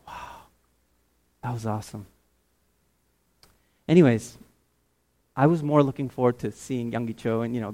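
A man from Canada preaching a testimony sermon, telling his story with animated, rising excitement. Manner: animated storytelling, climbs high and loud when excited.

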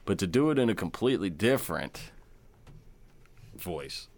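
A man's voice: sits low, big pitch swings, moderate pace, darkish tone. A man co-hosting a casual movie review chat, laid-back and wry, easily agreeing with his co-host. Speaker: podcast co-host.

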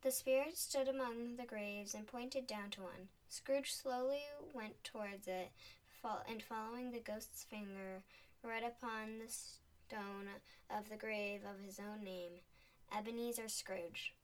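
A woman reading a storybook aloud in a clear, expressive way. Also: medium pitch, a little slow. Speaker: narrator. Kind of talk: storybook narration. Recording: voice a bit distant from the mic.

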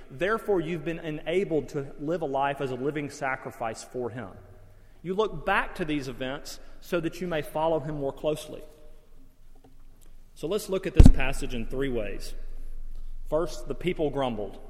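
A man preaching a sermon in an earnest, questioning way, with rising emphasis. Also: on the high side. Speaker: pastor. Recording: long hall reverb.

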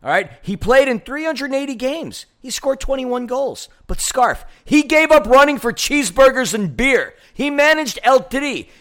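A man co-hosting a fan podcast, ranting in a loud, heated, theatrical way from a studio. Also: very high voice, lively intonation, moderate pace, hardly any pauses. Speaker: podcast co-host. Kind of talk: fired-up fan podcast rant.

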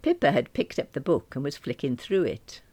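A woman narrating a comic diary story in a prim, earnest, deadpan manner. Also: very deep voice, normal speed, dry recording.

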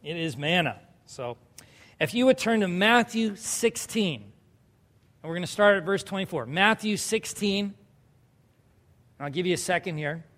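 Man, high voice, conversational sermon, long hall reverb. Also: lively intonation, a little slow, long pauses, fairly bright tone. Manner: conversational preaching, asks the audience questions. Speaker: pastor.

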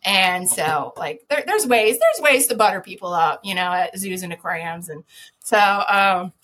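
A woman, a podcast guest, telling an animated story with lots of laughter, sudden loud shouted quotes and many restarts. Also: mid-range voice, moderate pace, a little hiss or hum. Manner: lively, laughing, jumps to loud shouts when quoting herself.

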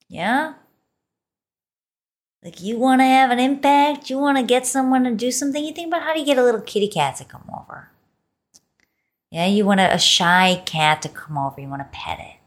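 A woman's voice: on the high side, normal speed, long pauses. A woman hosting a solo podcast, talking expressively and playfully and drawing out words for emphasis. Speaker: podcast host.

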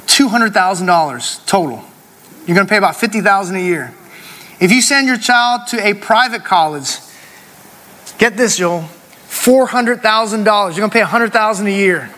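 A man's voice: sits high, pushed and bright. A man in his forties preaching a sermon, telling a personal story with emphasis and calling the congregation "y'all". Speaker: pastor. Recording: long hall reverb.

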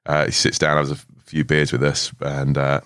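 A man's voice: a bass voice, monotone, moderate pace, fairly bright tone, smooth, dry recording, studio quality. A young man in his twenties, a podcast guest telling stories in a laid-back way, swearing often and laughing as he goes. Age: 20s. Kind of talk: casual storytelling chat. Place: podcast studio.

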